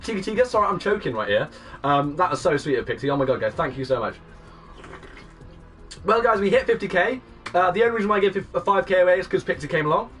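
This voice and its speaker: A young man in his twenties live-streaming a game, greeting and thanking viewers and breaking into excited shouts. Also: sits high, quick pace, far from the mic, soft background music. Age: 20s. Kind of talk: live-stream chat reading out viewers' messages.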